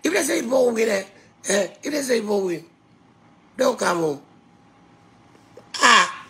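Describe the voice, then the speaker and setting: A man with a Ghanaian accent ranting angrily, shouting and mocking with laughs between jabs. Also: very high-pitched, animated, moderate pace, vocal fry. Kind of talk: angry ranting monologue.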